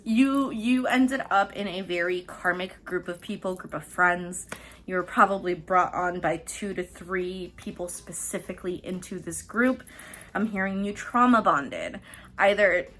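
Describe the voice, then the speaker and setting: A woman's voice: mid-range voice, a bit bright. Chatty, swearing woman reading tarot. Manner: chatty, profane, laughs often. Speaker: tarot reader and host. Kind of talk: casual pick-a-card tarot reading.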